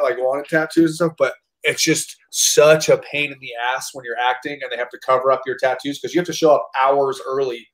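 An American man in his thirties, an actor and army veteran, telling stories in a casual interview with many restarts and some swearing. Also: medium pitch. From United States. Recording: roomy echo.

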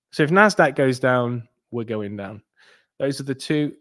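A bit slow in pace, a man hosting a crypto channel chats informally with his audience. His talk wanders, full of restarts and tangents, and shifts from low mumbles to sudden lively outbursts.

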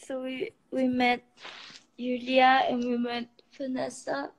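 A woman's voice: high-pitched, monotone, slow, a little hiss or hum. A young woman hosting a live stream from her phone, chatting with fans in an emotional, giggly and teary way. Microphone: phone, video call.

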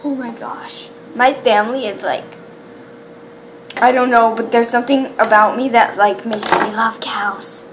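A woman opening toy blind bags on camera in casual chat, excitable and gasping, who rambles with trailing restarts. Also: a little high, a little slow, slight background noise. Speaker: toy unboxing vlogger.

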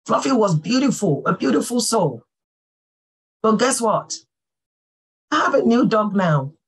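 A woman pastor giving a sermon, fervent and full of praise exclamations, swinging from soft talk to calling out. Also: mid-range voice, big pitch swings, a little slow, rough recording.

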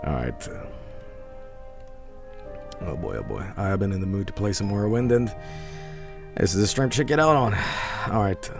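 A man's voice: lowish voice, lively intonation, normal speed, creaky, long pauses. A tired man streaming a game, rambling casually and reading game text aloud. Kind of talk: casual gameplay commentary. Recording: game music underneath.

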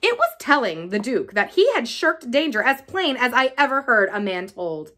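A woman reading a novel aloud in an expressive, lively style. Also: a little high, normal speed. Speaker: reader.

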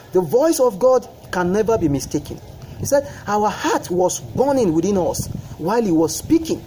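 A man preaching a sermon, repeating phrases with rising fervor and praying in a low, soft voice. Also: slight background noise, rough recording.

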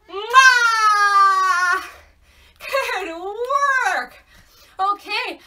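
A woman's voice: very high-pitched, sharp tone, distant mic. A young woman leading a children's storytime at home, singing and praising in a cheerful sing-song way, recorded a little away from the mic. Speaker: children's librarian. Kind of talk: storytime songs and rhymes for toddlers.

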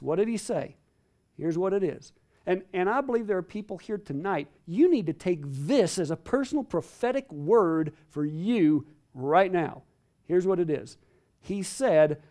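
A man's voice: high voice, very animated, normal speed, darkish tone. A man preaching a teaching sermon to a live audience, emphatic and repeating phrases for stress. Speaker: Bible teacher.

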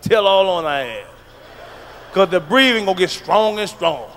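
A man doing a stand-up comedy routine, brash and profane, breaking into sudden shouted bursts. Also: sits high, expressive, normal speed, slight background noise.

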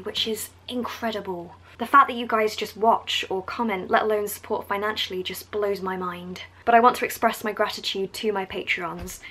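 A woman's voice: medium pitch, fairly bright tone, breathy edge, low-quality recording. Young English woman, strong Essex accent, bubbly vlogger who chats and wanders off on tangents. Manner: chatty and enthusiastic, going on tangents. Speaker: art vlogger. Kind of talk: casual vlog talk. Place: at home.

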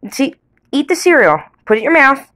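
A mother coaxing her toddler with slow, sing-song questions. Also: sits high, big pitch swings, bright, forceful tone.

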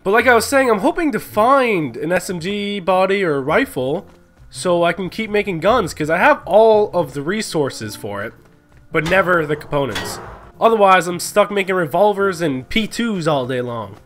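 A young man giving live, excitable commentary on a game he plays, swearing and yelling when surprised. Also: sits high, normal speed. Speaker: gaming commentator.

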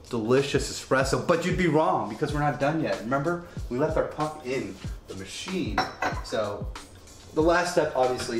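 A man casually demonstrating a home coffee setup, chatty and rambling with joking asides. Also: medium pitch. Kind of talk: casual product demo. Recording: echoey room with faint music.

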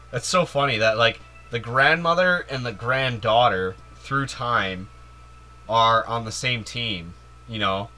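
A man's voice: medium pitch, slow pace, bright, forceful tone, soft background music. A man giving playful, giddy commentary while playing a video game, joking and cheering, with many "like"s. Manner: playful, giddy, jokey, lots of "like" and "yay". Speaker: video game let's player. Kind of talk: casual gameplay commentary.

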